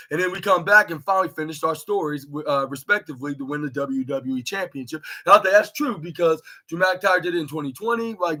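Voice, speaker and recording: Young male podcast host, bright and fairly high voice, rambling casual recap full of fillers. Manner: rambling, heavy on filler words and restarts. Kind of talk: casual solo wrestling recap.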